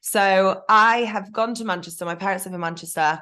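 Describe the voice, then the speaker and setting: Casting: woman, podcast guest, candid and animated storytelling, mid pitch. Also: brisk. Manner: frank, animated storytelling with self-talk asides.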